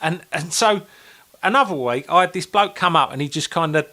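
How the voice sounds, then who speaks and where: A man tells crude anecdotes on a podcast, swearing freely as he acts out every quote. His voice sits high and bright, and it swoops up and down with lively energy. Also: brisk. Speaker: podcast co-host. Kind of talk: casual storytelling chat.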